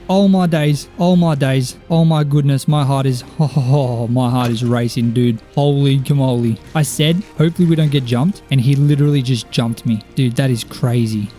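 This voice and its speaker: A young man giving excitable gameplay commentary as a video game streamer, often exclaiming and talking to the characters in the game. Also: mid-range voice. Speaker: Minecraft YouTuber.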